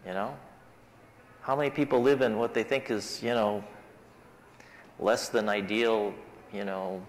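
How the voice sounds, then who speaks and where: A man's voice: fairly low pitch, steady tone, unhurried, slight background noise. A man leading a Sabbath School Bible class in casual, conversational talk with his group. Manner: conversational, talks things through with the class. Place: church classroom. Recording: reverberant church hall.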